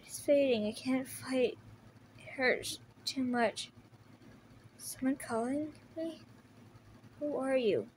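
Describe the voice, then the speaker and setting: A woman's voice: high-pitched, fairly even intonation, slow, slight background noise. A woman voicing a wounded, desperate teenage boy turtle who talks in pained, breathless bursts. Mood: weak. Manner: breathless, pained, whispering at times. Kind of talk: fan audio drama voice acting.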